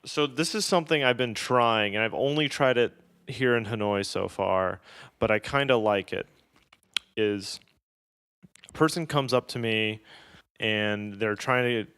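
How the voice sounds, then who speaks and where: A man's voice: fairly low pitch, a little slow, a bit bright, clear, resonant tone, no room sound. A man co-hosting a podcast, telling travel stories in casual, profane, self-deprecating chat. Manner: profane, self-deprecating, puts on mocking voices in quotes. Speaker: podcast co-host.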